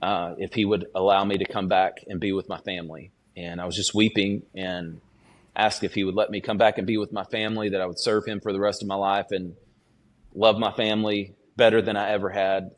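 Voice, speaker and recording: A man, a student pastor, giving an earnest personal testimony as a podcast guest, in a halting, restarting way. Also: low voice.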